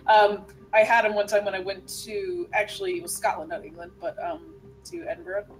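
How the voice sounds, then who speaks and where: Out of character during a tabletop game, a woman chats casually, a bit tipsy from beer, laughing a lot, swearing freely and filling pauses with ums. Her mid-range voice is sing-song, and the recording is rough.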